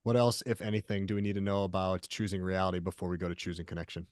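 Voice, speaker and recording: Man, podcast host, very low voice, dry close sound, reads passages. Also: little pitch movement, racing, a little mellow, no room sound. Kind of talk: interview questions and reading book passages.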